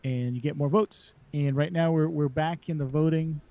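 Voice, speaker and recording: A man co-hosting a sports podcast, talking in an easygoing way with halting restarts. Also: a little high, fairly even intonation, highs cut off. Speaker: podcast co-host. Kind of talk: casual sports chat.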